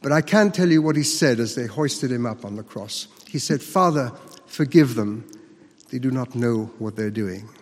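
A man performing a first-person monologue as a disciple recounting the crucifixion, speaking earnestly with emphatic dramatic pauses. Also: mid-range voice, expressive, in a large hall, lightly acted. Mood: solemn.

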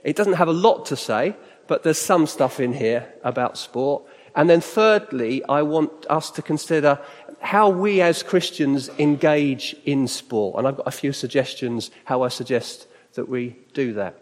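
A man's voice: mid-range voice, measured pace. A middle-aged British man giving a conversational church talk to a live audience, often asking them questions. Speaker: church speaker. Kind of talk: sermon-style talk. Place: church hall. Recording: reverberant hall.

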